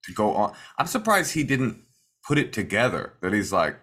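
A man co-hosting an advice podcast in casual chat, trading deadpan, sarcastic jokes. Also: on the low side, normal speed, slightly rough. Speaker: podcast co-host giving advice. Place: hotel room.

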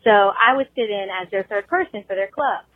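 A woman's voice: mid-range voice, a little fast, no echo. Young woman, caller, chatty voicemail, rambling with fillers, tinny phone line. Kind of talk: voicemail confession.

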